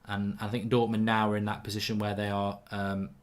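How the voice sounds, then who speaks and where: In a fairly low, completely flat delivery, a man hosts a live football watchalong, chatting casually and reading out viewer comments. He's chatty and full of strong opinions, and bad refereeing sets him off quickly.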